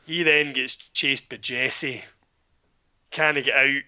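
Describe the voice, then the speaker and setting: Scottish male podcaster with a crisp, bright voice; wry, profane storyteller. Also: medium pitch, slow. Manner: sardonic, swearing, animated storytelling. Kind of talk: casual film recap chat.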